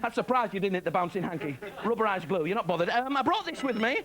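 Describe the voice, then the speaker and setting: On a hissy 1990s TV broadcast, a man performs a comic magic act as stand-up, chatty and self-deprecating, chuckling at his own jokes. He talks fast in a high voice with lively intonation.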